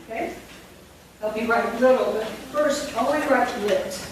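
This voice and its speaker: A woman's voice: on the high side, unhurried. A woman leading a phonics teacher training workshop, demonstrating classroom instruction step by step. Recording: echoey room from far off with noise.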